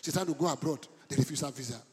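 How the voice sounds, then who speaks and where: Male pastor, passionate sermon, raised voice, husky, live in an echoey church hall. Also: medium pitch, very fast. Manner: impassioned preaching, rising to shouts.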